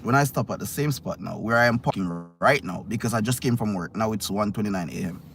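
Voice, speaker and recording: A man vlogging from his parked car at night, telling a story in a halting way with restarts and repeated words. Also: fairly low pitch, gravelly, fairly bright tone. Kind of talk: casual storytelling to camera.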